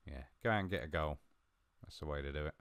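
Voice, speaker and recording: A man talking through a football management game he is playing, chatty and a little mumbling, with sudden bursts of excitement. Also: extremely low pitch, quick pace, gravelly, clear, resonant tone, no echo. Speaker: gaming video host. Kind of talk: live game commentary.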